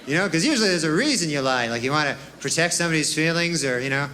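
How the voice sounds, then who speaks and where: A man's voice: on the high side, expressive, fast, pushed and bright, some chatter behind. A man performing stand-up comedy on stage, with a rambling, dry delivery full of "you know" and "huh" tags. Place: stage before a live audience. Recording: live club recording with audience laughter and noise.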